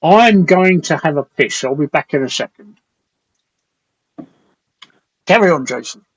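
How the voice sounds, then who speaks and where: A man's voice: on the high side, animated, a little slow, husky, poor audio. A man hosting a casual live stream, loose and rambling, swearing casually as he reads out viewer comments.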